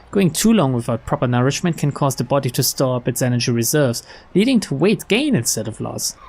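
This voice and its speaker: A young man reading a visual novel aloud, mixing flat narration with casual, chuckling asides. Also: medium pitch, breathy edge. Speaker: let's player.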